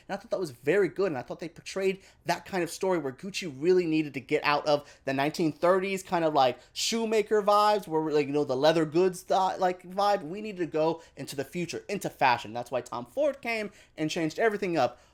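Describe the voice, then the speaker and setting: A man giving a casual film review to camera, chatty and animated, with quick asides and playful exaggeration. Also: on the high side.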